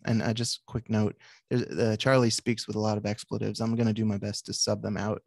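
Author reading, male, flat and gravelly, dry close sound. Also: lowish voice, no echo. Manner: measured, with brief asides to the audience. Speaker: author and psychiatrist. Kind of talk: reading aloud from his book.

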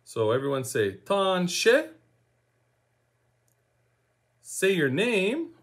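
A man from Saskatchewan, Canada, teaching a language lesson in a slow, encouraging way, repeating each word for learners to say along. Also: on the high side, very animated, a bit bright, slightly rough.

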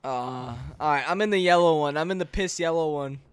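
A man hosting a live gameplay stream, excitable and joking, often yelling to his co-player. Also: fairly high pitch, a little fast, a little hiss or hum. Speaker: streamer host.

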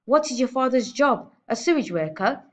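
A woman's voice: on the high side, big pitch swings, moderate pace, pitched above the performer's own voice. A woman putting on a barking, scornful giant headmistress. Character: huge bullying female headmistress, scornful. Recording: dull lo-fi recording.

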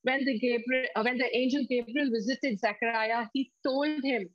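A woman preaching a sermon, reading scripture slowly and emphatically and leading the congregation to repeat lines. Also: fairly high pitch, fairly even intonation, dry recording, lo-fi sound. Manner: slow, emphatic scripture reading with call-and-response.

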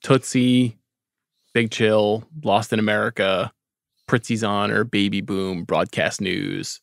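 A middle-aged man with a gravelly voice, co-hosting a podcast and talking earnestly about films. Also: on the low side, steady tone, takes it slowly, no room sound, clean studio sound. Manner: earnest, agreeable, lists films. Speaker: podcast co-host. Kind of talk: casual movie chat.

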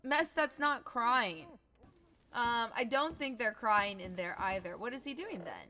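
Woman streamer, high bright voice, excitable and self-mocking. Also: measured pace. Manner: excitable, panicky exclamations. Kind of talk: live gameplay reaction.

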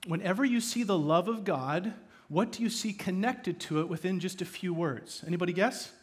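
Animated high-voiced preacher. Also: male voice, moderate pace. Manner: dynamic, swings from loud emphatic bursts to hushed asides. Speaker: pastor. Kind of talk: sermon. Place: church.

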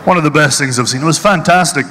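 A man's voice: fairly high pitch, fast, bright, forceful tone, in a large hall. A middle-aged Irishman doing live stand-up on stage, punchy and mocking as he tells his stories. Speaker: stand-up comedian. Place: stage at a charity event hall.

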